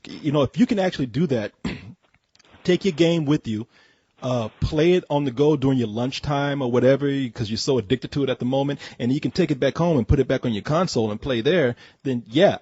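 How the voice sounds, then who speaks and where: A man's voice: mid-range voice, lively intonation, a little fast, darkish tone, breathy edge, no room sound. A man hosting a gaming call-in show who chats casually, jokes, and often stammers and restarts. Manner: loose, joking, stammers and restarts. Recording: slightly muffled lo-fi audio.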